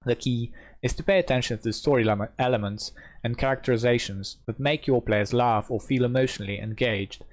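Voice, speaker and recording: Brief: male host, mid-pitched, reads rule text steadily, chats between passages. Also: a little fast. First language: Polish. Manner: reads rule text steadily, then gives loose, self-doubting asides. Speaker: host reading a game rulebook aloud. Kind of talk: rulebook readalong with commentary.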